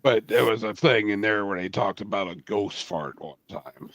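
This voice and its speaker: A man's voice: fairly low pitch, lively intonation, moderate pace, a bit bright. A man co-hosting a podcast, asking questions casually and searching for his words. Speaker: podcast co-host. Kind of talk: casual chat.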